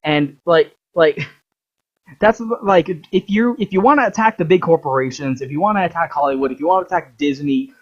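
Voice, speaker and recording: Husky, heated, swearing vlogger. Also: mid-range voice, brisk. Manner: profane, heated, filler-heavy. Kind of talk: casual ranting monologue. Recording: dull lo-fi recording.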